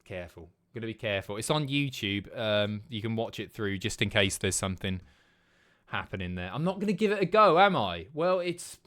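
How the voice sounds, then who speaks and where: Sweary streamer, lively and sardonic. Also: male voice, on the low side, a little fast. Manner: blunt, sweary, sardonic commentary. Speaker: livestream host. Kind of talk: casual stream chat.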